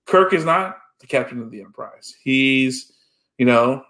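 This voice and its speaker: A man's voice: medium pitch, lively intonation, unhurried, pushed and bright. Rambling man in casual chat. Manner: rambling, full of "you know" fillers.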